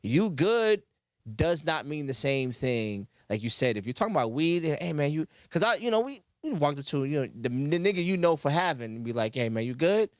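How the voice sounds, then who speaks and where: A man's voice: fairly high pitch, expressive, no echo, studio quality. A man, chatting casually and restarting his words often. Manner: halting, repeats words while explaining. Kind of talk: casual chat.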